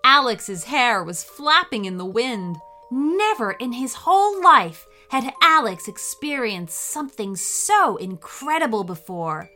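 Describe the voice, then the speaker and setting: A woman hosting and reading a children's story, cheerful and expressive, with faint music behind her. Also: on the high side, unhurried, few pauses. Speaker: host and storyteller.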